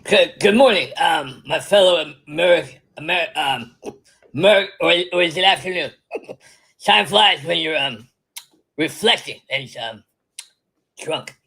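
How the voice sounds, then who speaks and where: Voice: mid-range voice, expressive, unhurried, gravelly, pauses often, fairly bright tone, husky, heavily acted. A performer doing a comic impression of a drunk, rambling older female politician who stammers, giggles and keeps restarting sentences. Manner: stammering, many false starts and giggles. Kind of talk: comedic impression monologue.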